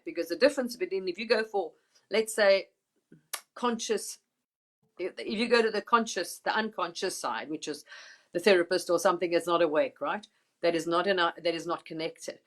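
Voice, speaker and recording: A woman hosting a casual spiritual live chat, talking emphatically and rambling a little, with mild swearing and laughter. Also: on the low side.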